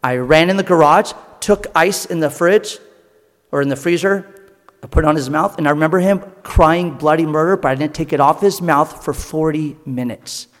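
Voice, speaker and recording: A man's voice: fairly high pitch, long reverb tail. A man preaching in a sermon, telling personal stories earnestly in short, broken phrases. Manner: earnest storytelling, pausing between short phrases. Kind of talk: sermon testimony.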